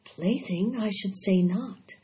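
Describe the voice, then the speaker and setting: A woman voicing a tired, gentle and wise female spider with a weak, quiet voice. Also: mid-range voice, slow, natural voice. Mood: calm. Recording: dull lo-fi recording.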